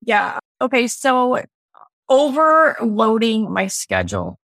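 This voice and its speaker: A woman's voice: a little high, huge pitch swings, takes it slowly, a bit bright, dry recording. A woman guest on a podcast, talking in a reflective, earnest way about her own experience. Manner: reflective, earnest, speaks in lists. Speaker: podcast guest, business owner. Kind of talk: casual interview talk.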